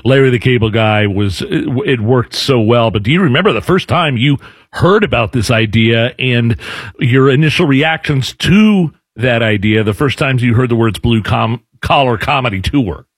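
A man's voice: mid-range voice, normal speed, husky, no echo. A man co-hosting a radio interview, asking rambling, jokey questions. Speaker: radio co-host.

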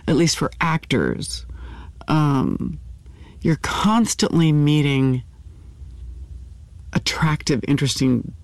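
An older actress speaking candidly in an interview, with halting restarts and fillers. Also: female voice, deep voice, no echo. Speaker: actor, interview guest.

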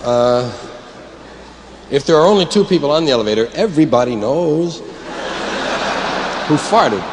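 A man's voice: animated, moderate pace. Rambling comic man in a big echoing hall. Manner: rambling, digressive delivery with sudden jumps in pitch. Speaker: stand-up comedian. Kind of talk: stand-up routine. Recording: reverberant hall with loud ambient noise.

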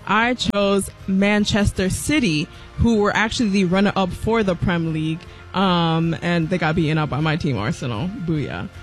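A woman's voice: fairly low pitch, normal speed, hardly any pauses, soft background music. A woman on the radio show's team chatting casually and playfully, giggling as she talks. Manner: giggly, playful, fake British accent at times. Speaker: show team member.

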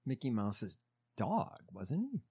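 A man's voice: mid-range voice, sing-song, takes it slowly, vocal fry, warm tone, husky. Man, podcast co-host, casual political chat, reads headlines, filler-heavy.

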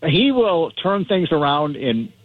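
A male guest commentator on a dry, tinny phone line. He sits a bit higher in pitch than most men and talks emphatically, often restarting his sentences and chuckling. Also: sing-song, takes it slowly, no echo. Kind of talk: talk radio interview.

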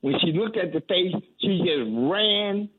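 A reverend speaking as a guest on call-in radio, earnest and halting, often restarting his sentences. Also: high-pitched, expressive, breathy edge. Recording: tinny phone line.

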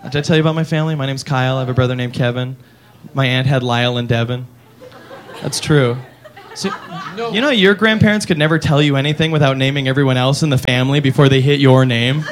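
A man doing an animated stand-up routine, putting on silly voices for his characters. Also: mid-range voice, fast talker. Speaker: stand-up comedian.

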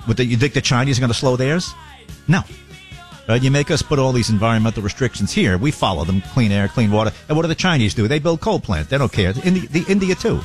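A man hosting a talk show, riffing jokingly on the news with laughs. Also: medium pitch. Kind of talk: comedic commentary.

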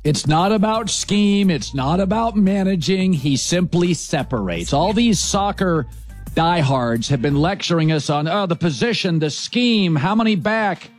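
A man's voice: high voice, unhurried, faint music behind. A man hosting a sports talk show, giving blunt, emphatic opinions. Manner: emphatic, blunt, animated delivery.

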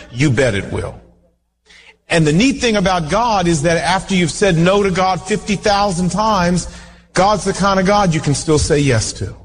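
A man preaching a sermon as pastor, earnest and animated, telling stories and acting out voices. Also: a little high. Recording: reverberant hall.

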